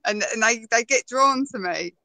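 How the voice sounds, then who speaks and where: A woman tells stories in a relaxed chat, her voice bright and forward. She laughs easily and often. The sound is close and dry, with no room around it. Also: a little high, moderate pace, no echo, rough recording. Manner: chatty storyteller, laughs often. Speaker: guest. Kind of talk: casual conversation.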